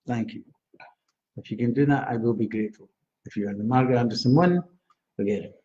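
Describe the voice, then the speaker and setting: Male psychic, mellow, reassuring and chatty, dull live-stream audio. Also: medium pitch, fast talker. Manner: chatty, laughs often, reassuring. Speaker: psychic astrologer. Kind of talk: live-stream reading for viewers.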